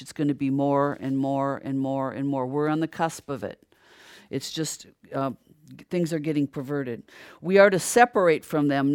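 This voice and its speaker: Older preacher, dry close sound, rhetorical questions, heats up as the point builds. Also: dry recording. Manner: asks rhetorical questions and answers them; grows louder and higher when stirred. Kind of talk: sermon.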